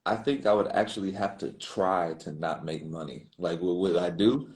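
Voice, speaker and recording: A man's voice: deep voice, normal speed, a little mellow. A man chatting casually and laid-back with a friend, in slangy speech. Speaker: guest. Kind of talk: casual chat.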